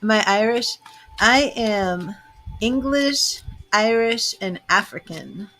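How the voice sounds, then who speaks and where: A chatty middle-aged woman from Boston, Massachusetts, a tarot reader and psychic host, talks casually with viewers on a livestream. Her medium-pitched voice is bright and forceful, and she speaks slowly. She rambles and laughs often.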